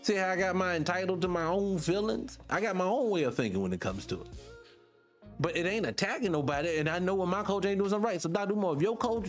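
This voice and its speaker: Blunt, profane male talk-show host. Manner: emphatic, blunt, profane, swings up in pitch when making a point. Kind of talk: casual commentary reacting to clips.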